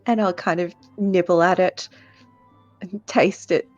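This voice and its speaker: A woman playing a tabletop game, describing her character's actions softly and gently. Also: fairly low pitch, fairly even intonation, unhurried, no echo, soft background music. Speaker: player. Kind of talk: casual tabletop game play.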